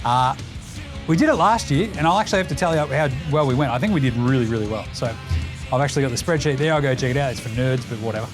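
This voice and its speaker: A man's voice: medium pitch, over music. A man in his thirties with an Australian accent, hosting a casual, profane, joking basketball chat. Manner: profane, joking, rapid-fire lists. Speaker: podcast host.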